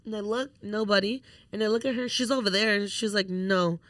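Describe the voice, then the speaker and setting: A woman's voice: medium pitch, a little fast, no echo. A young woman co-hosting a podcast, telling a story in casual chat with lots of swearing and acted-out quotes. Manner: animated storytelling, swears freely, acts out quotes. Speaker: podcast co-host.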